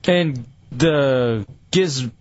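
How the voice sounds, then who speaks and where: A man's voice: mid-range voice, no room sound. A man hosting a radio show, joking and laughing in casual banter. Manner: laughing, quick jokes. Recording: dry, dull lo-fi studio.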